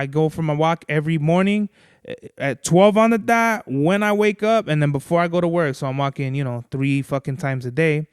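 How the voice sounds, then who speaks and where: A man's voice: on the high side, clear, resonant tone, no echo, studio quality. A man hosting a podcast, telling a long, rambling story in casual, profane chat. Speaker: podcast host.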